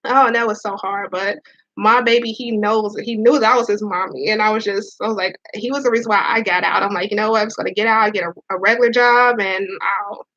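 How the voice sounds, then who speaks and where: A woman who is a Navy veteran and a police officer tells viewers her own story candidly, close to tears and often repeating herself. Her mid-range voice is brisk and a bit bright with fairly even intonation, and the audio sounds dull.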